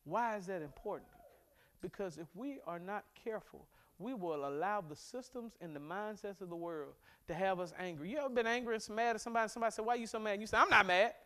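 A pastor preaches to his congregation with a high, bright voice. He is animated and joking, building to loud, emphatic points before dropping back down. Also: fast talker. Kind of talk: sermon. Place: church sanctuary.

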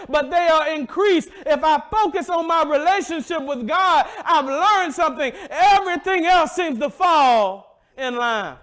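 A man's voice: very high-pitched, a bit bright. A male pastor preaching a sermon emphatically and calling out to congregation members by name.

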